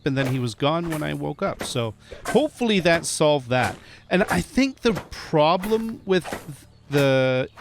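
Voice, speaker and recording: A man's voice: fairly high pitch, noisy background. A man giving casual, chatty gameplay commentary, often laughing and talking to the animals in the game. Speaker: gameplay streamer. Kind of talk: casual let's-play commentary.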